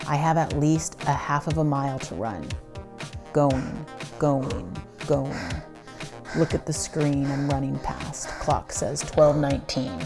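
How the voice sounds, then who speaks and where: A woman's voice: low-pitched, moderate pace, hardly any pauses, over music. A woman telling a first-person story in a breathless, dramatic way, swearing now and then.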